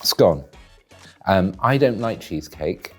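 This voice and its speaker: A man giving deadpan, dry, wordy commentary while tasting food in a studio. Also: low-pitched, slow, breathy edge, soft background music. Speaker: guest taste-testing food.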